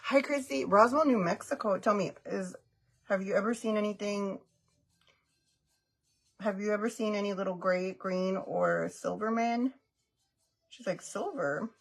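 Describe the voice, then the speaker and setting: A woman's voice: mid-range voice, measured pace, creaky, pauses often. A middle-aged woman chatting casually on a makeup livestream, giggling, greeting viewers by name and mixing Spanish phrases into her English. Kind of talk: casual live-stream chat.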